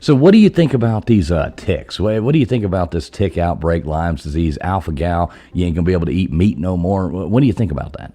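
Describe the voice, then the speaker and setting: Easygoing male livestream host, deep and mellow, rambling and friendly. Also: animated, fast talker, hardly any pauses, slightly rough. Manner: easygoing, rambling, greets viewers by name. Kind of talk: casual live show chat.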